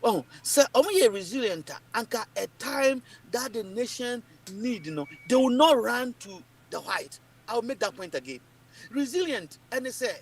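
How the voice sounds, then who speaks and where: Emphatic high-voiced Ghanaian man. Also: expressive, normal speed. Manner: emphatic and repetitive, mixing English and Twi. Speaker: political commentator. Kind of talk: animated political talk.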